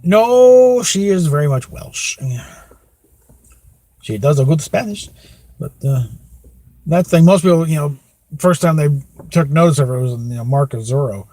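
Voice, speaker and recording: A man talks loosely on a podcast, circling back with fillers and little laughs. His voice sits on the high side. The recording is dry and close, with no room sound. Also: normal speed, long pauses, warm tone, dry recording. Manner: rambling, many fillers, chuckles often. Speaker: podcast host. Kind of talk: rambling casual chat.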